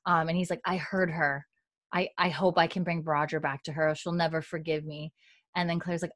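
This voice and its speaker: In a casual podcast chat, a young female co-host retells a TV episode with animation, voicing the characters' lines and filling her speech with "like." Her voice sits low and a bit bright, her delivery is flat at a moderate pace, and the studio-quality audio carries no room sound.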